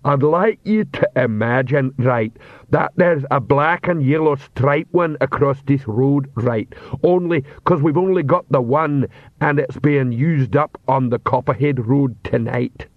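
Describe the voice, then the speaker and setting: A man voicing a big, dim, cheerful male troll guard who talks in a slow, plodding, earnest way. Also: mid-range voice, dry recording, close to an everyday voice. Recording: dull, dry audiobook recording.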